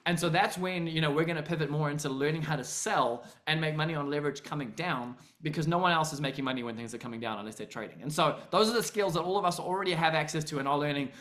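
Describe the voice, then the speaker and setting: A man's voice: fairly high pitch, a bit bright. A man hosting an investing webinar on a video call, talking casually and rambling with many fillers and restarts. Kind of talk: casual pitch talk on a group call.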